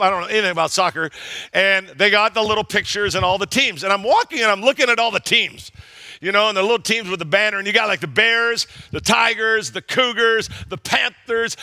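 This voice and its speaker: High, bright-voiced man preaching. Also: no echo. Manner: storytelling, animated and humorous, acts out quoted voices. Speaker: pastor. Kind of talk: sermon. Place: church sanctuary.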